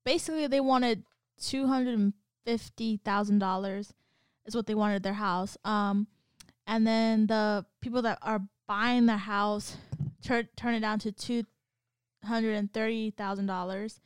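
A woman's voice: mid-range voice, fairly even intonation, measured pace, clean tone, dry recording, studio quality. A young woman in casual chat who tells stories and laughs often.

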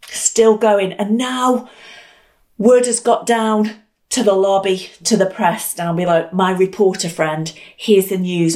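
Animated woman telling a story. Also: medium pitch, a little slow. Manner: animated, dramatic repetition, acts out quotes. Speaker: podcast storyteller. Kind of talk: storytelling podcast.

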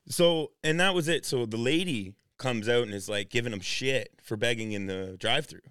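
A man's voice: mid-range voice, normal speed, a bit bright, clear, resonant tone, no echo, clean studio sound. A man co-hosting a casual podcast, easygoing and agreeable, often saying yeah. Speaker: podcast co-host.

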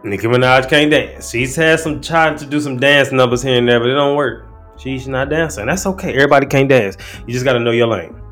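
A man's voice: mid-range voice, brisk, fairly bright tone, faint music behind. A man hosting a casual commentary show, talking in a laid-back, slangy way and often restarting his sentences. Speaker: host. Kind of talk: casual commentary breaking down rap lyrics.

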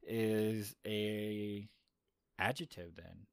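A man's voice: lowish voice, fairly even intonation, very slow, creaky, smooth. A man co-hosting a casual chat, rambling and teasing with many hesitations. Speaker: podcast co-host. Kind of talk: casual banter.

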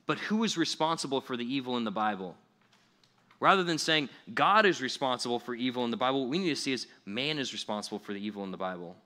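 A young adult man preaching a casual, animated sermon with conversational asides and playful acted-out voices. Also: medium pitch, quick pace.

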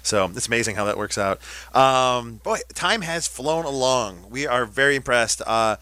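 An upbeat male radio host chatting casually with guests in the studio. His voice is bright and forward, and he moves easily from reading listener messages to friendly banter. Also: medium pitch, animated, normal speed, clear, resonant tone, dry recording. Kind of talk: casual on-air chat.

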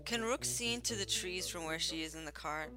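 A woman's voice: on the low side, fairly quick, pushed and bright, faint music behind. A woman playing a tabletop game, talking casually with hesitant fillers. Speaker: player.

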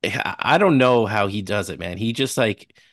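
A man with a somewhat low voice, chatting casually as a podcast co-host. He laughs a lot and fills his talk with "like." The recording is dry and close. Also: animated, moderate pace, no echo. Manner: laughs often, uses "like" a lot. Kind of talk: casual movie-review chat.

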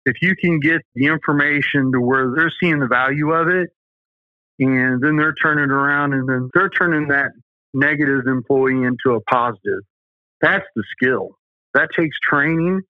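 This safety company owner, a man with a Southern US accent, shares folksy stories with real emphasis while being interviewed. His mid-range voice moves at a moderate pace, with no room sound, on a line that sounds tinny and phone-like.

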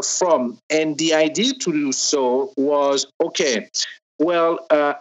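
A man with a strong French accent speaks in a fairly high register for a man. He explains things step by step over a remote call and hesitates often between phrases. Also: poor audio. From France. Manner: careful, explaining step by step with many pauses. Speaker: guest, sex toy maker. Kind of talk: interview explanation.

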